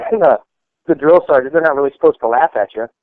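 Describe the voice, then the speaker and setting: His voice sits a little high and moves a little fast as this army veteran casually rambles through stories, saying "like" and "you know" constantly. The recording is dry and tinny, much like a phone.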